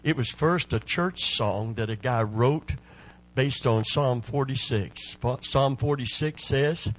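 A man's voice: mid-range voice, takes it slowly, low-quality recording. An older man preaching a sermon as pastor, talking with repetitions, sung phrases and rising fervor.

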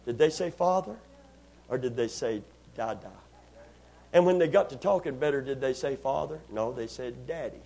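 A man preaching a sermon to a church congregation, calling for responses and stretching out key lines for emphasis. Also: medium pitch. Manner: rises to loud, drawn-out emphasis on key lines. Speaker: pastor.

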